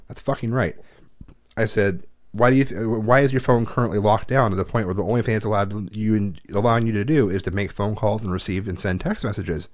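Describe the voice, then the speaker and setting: Fed-up father, thirties, low and dry, swears freely while recounting. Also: fast, no echo. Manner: heated storytelling, swears a lot. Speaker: parent. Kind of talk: casual chat.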